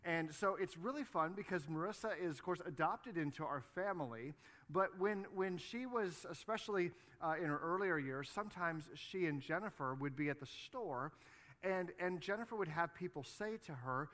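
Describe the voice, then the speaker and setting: A man's voice: on the high side, expressive, normal speed, fairly bright tone. A man in his forties, a pastor delivering a sermon, telling a story in a conversational way with frequent "you know" and "right". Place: church sanctuary.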